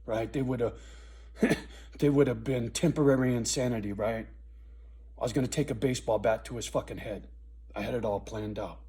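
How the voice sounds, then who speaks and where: Husky, blunt, profane man. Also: mid-range voice, moderate pace, long pauses, mellow. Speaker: vlogger. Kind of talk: raw personal storytelling to camera.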